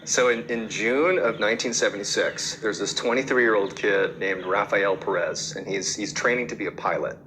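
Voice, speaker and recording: A man's voice: on the low side, steady tone, normal speed, hardly any pauses, bright, forceful tone, slight background noise, poor audio. A man hosting a podcast, telling a story casually and conversationally, with fillers and repeated words. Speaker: podcast host.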